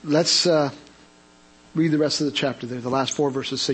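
A man with a fairly high voice leads a Bible study in a conversational tone. He reads scripture passages aloud and then explains them, stopping often on fillers and restarts. He lifts his voice higher and louder when he wants to stress a point. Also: fairly even intonation, moderate pace, pauses often, breathy edge, poor audio. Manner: rises in pitch and volume for emphasis.

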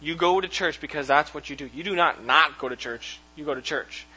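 A man gives a relaxed, talky sermon from the front of a church, and his voice sits a little high for a man. His tone is bright and pointed. He keeps it casual and informal, with easy chuckles and restarts as he goes. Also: fairly quick, husky, low-quality recording. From Canada. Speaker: pastor. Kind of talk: conversational sermon. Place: church sanctuary.

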